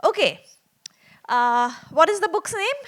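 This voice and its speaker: A woman's voice: very high voice, big pitch swings, measured pace, a bit bright. A woman telling a story to young children in a small theater, chatty and asking them lots of questions.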